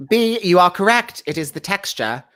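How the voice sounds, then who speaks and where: A man's voice: high voice, sing-song, normal speed, pushed and bright, no room sound. A man hosting a casual happy-hour show over a video call, reading out multiple-choice quiz questions and laughing easily. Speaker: host. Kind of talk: quiz-style casual chat.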